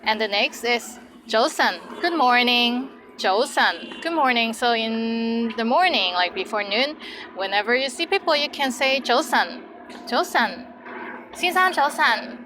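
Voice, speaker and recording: A woman's voice: fairly high pitch, expressive, a little slow, background noise. A woman teaching Cantonese words, saying each word twice and then giving example sentences. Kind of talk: language lesson.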